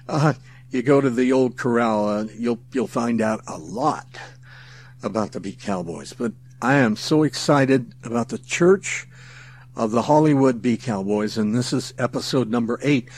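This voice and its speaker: A man's voice: medium pitch, unhurried, darkish tone. A man hosting his own podcast in a folksy, enthusiastic way, chuckling often and speaking straight to the listener. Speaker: podcast host. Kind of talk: casual podcast monologue.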